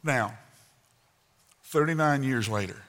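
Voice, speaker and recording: A man in his sixties preaching a sermon, telling folksy family stories with sudden loud outbursts and soft asides. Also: medium pitch, slow pace. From Southern United States. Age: 60s. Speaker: pastor. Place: church sanctuary. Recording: long hall reverb.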